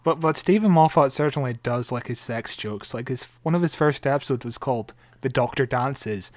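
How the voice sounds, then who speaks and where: A man's voice: medium pitch, moderate pace, no echo. Joking Scottish man on a podcast. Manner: joking, chuckling asides. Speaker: podcast co-host. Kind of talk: casual chat reviewing a TV episode.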